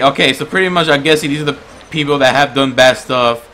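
Bright-voiced man, jumpy gaming commentary. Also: medium pitch, brisk, a little hiss or hum. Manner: jumpy, swears a lot, shouts when chased; stumbles when reading aloud. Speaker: gamer playing a horror game. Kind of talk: casual let's-play commentary.

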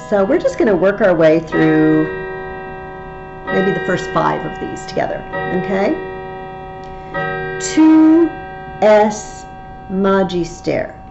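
A woman teaches Latin grammar in an unhurried, patient way, spelling out each step. Her voice sits a little low and mellow. The audio is slightly dull and lo-fi with a faint ambient hum behind it. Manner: patient, slow, step-by-step explaining. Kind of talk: online tutorial lesson.

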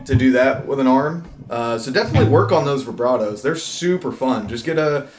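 A man's voice: mid-range voice, expressive, a little fast. A man teaching guitar in a casual, rambling way, full of fillers and restarts. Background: loud electric guitar playing.

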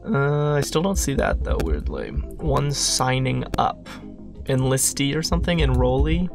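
A man's voice: mid-range voice, expressive, unhurried, gravelly, over music. A man solving a crossword puzzle while thinking aloud, muttering, questioning himself and trailing off. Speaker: crossword solver.

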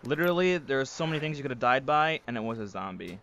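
A man hosting a let's play, chatting with friends while gaming, excitable and swearing in exasperated outbursts. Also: mid-range voice, fast, lo-fi sound, background noise. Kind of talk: casual gaming chat and outro.

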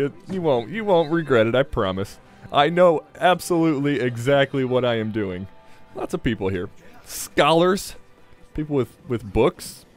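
A man hosting a let's play, giving casual, jokey gameplay commentary and swearing freely. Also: a little high.

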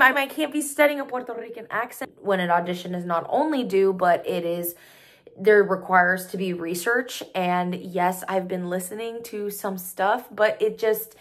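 A woman's voice: mid-range voice, fairly bright tone. A young woman chatting casually to the camera, rehearsing audition lines and criticizing her own takes. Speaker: voice actor vlogger. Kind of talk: casual vlog talking to camera.

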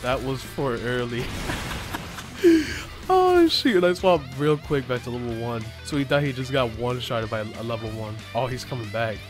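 A young man giving excitable commentary over his gameplay, laughing and yelping often. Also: mid-range voice, brisk, few pauses, soft background music. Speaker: gaming YouTuber.

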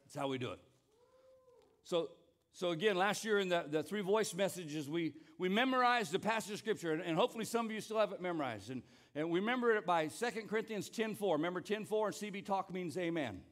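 Man, pastor, high voice, emphatic sermon, repeats himself, urges the congregation. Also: lively intonation, brisk, fairly bright tone. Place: church service.

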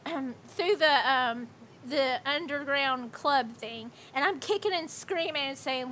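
A woman's voice: sits high, lively intonation, a little slow, bright, forceful tone, a little hiss or hum. A woman in her thirties livestreaming, telling a rambling, profane story with lots of "like" in casual chat.

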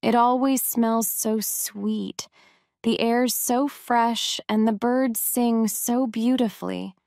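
A woman reading aloud plays a kind, talkative young servant girl who chats warmly and gently scolds the child in her care. Her fairly high voice is smooth and clear, and she speaks at an unhurried pace. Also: steady tone, no room sound, studio quality. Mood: chatty.

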